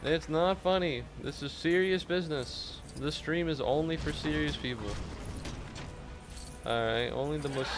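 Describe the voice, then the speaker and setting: A man streaming a game and chatting with viewers in a casual, deadpan, mock-serious way, with some swearing. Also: a little high, moderate pace, background noise. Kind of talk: casual gameplay chat with viewers.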